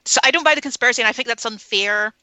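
A woman's voice: a little high, rapid-fire, sharp tone, no echo, poor audio. A woman talking candidly about films in a casual podcast chat, opinionated and swearing freely. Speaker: film podcast panelist.

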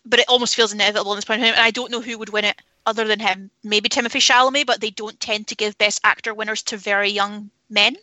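A woman's voice: mid-range voice, fairly even intonation, quick pace, hardly any pauses, bright, forceful tone, no room sound, poor audio. A woman talking candidly about films in a casual podcast chat, opinionated and swearing freely. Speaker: film podcast panelist.

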